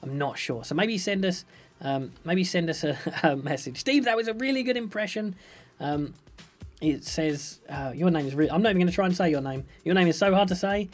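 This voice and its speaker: With soft music behind him, a young man streams a building game live, his voice on the high side and fairly quick. He's playful, upbeat and jokey, chatting with viewers and reading their questions aloud as he comments on the gameplay.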